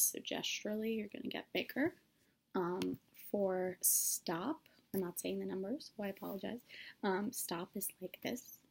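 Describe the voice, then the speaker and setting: A woman's voice: mid-range voice, vocal fry, husky. A young woman explaining sign language signs in a casual solo lesson, with many fillers and self-corrections. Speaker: student demonstrating sign language.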